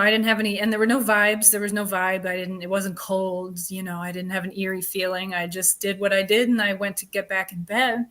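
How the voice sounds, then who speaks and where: A woman speaking as an interview guest, telling a story in a chatty, animated way with lots of filler words. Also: mid-range voice. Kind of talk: casual interview chat.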